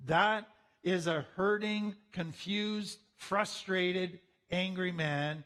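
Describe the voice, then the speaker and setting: High-voiced man teaching with earnest warmth. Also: fairly even intonation. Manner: slows down and leans in when quoting scripture; earnest, conversational. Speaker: speaker teaching on trauma. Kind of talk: teaching talk with read-aloud scripture.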